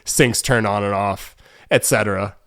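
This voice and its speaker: A man's voice: on the low side, moderate pace, fairly bright tone, no room sound, studio quality. A young man with a New England accent, co-hosting a podcast and rambling through a story in casual chat, full of fillers and restarts. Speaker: podcast co-host.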